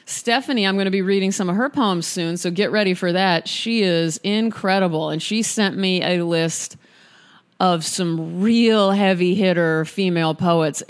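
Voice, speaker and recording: A woman hosting a casual podcast, reading poems aloud in a husky, worn voice with playful, unhurried asides between them. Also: fairly low pitch. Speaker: podcast host reading poetry.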